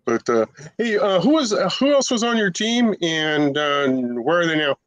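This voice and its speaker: A man's voice: on the high side, sing-song, moderate pace, a bit bright, no room sound. A man co-hosting a talk show of police stories, chatting casually and giving short agreeing replies. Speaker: podcast co-host and retired officer. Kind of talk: casual chat.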